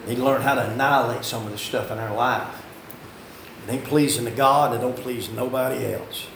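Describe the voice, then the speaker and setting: A man, preaching a fiery sermon as pastor, swinging from shouting to low, quiet asides. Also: fairly even intonation, a little fast, creaky, a little hiss or hum. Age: 50s. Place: church sanctuary. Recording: echoey room, heard from a distance.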